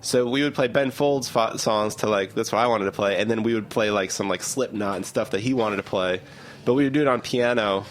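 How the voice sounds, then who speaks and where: A man, a musician guest, telling stories in quick, self-deprecating casual chat on a radio show. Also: lowish voice, slight background noise. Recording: radio studio with live music.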